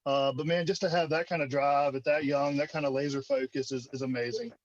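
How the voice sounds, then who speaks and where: A man in his thirties with a Mississippi drawl, a relaxed interview guest on a video call who calls people man and dude. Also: on the high side, brisk, lo-fi sound, background noise. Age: 30s. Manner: laid-back drawl, says man and dude a lot. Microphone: computer video call.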